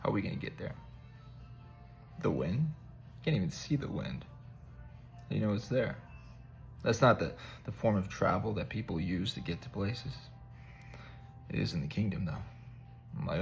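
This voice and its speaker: A man with a rough, gravelly voice that sits a little low. He gives spiritual encouragement to his viewers as relaxed, conversational talk. He rambles and jokes at his own expense. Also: moderate pace, long pauses, faint music behind. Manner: rambling, conversational, self-joking. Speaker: vlogger giving spiritual encouragement. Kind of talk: casual devotional talk.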